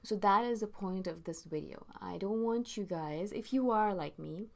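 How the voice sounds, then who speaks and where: A woman's voice: medium pitch, moderate pace, vocal fry, darkish tone. A woman vlogger talking to camera in an earnest, emphatic motivational monologue, repeating phrases for stress. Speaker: spiritual vlogger.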